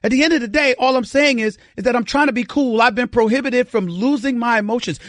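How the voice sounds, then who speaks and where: This middle-aged sports talk host has an extremely high, slightly bright voice, speaking quickly and expressively as he rants with lots of repetition. Recovering from vocal cord surgery, he pushes an irritated, strained voice through his opinionated monologue. Clean studio mic sound, no echo.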